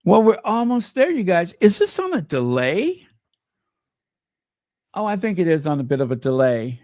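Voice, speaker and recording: Man, livestream host, casual chat, excitable, fairly high voice, dry close sound. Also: moderate pace, no echo. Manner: chatty, excitable, talks to himself.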